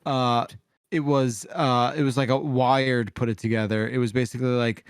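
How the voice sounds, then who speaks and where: A man's voice: mid-range voice, fairly even intonation, normal speed, clean tone, dry recording. Podcast co-host, male, laid-back rambling talk, clean dry sound. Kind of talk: casual chat.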